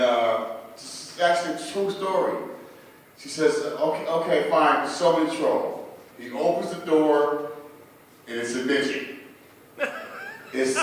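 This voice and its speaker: A man in his fifties tells rambling, profane stories at an open mic, breaking into laughter at his own lines. His voice sits a little high for a man. He is picked up from a distance in a very echoey small bar with some faint background noise. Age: 50s. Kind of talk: stand-up storytelling.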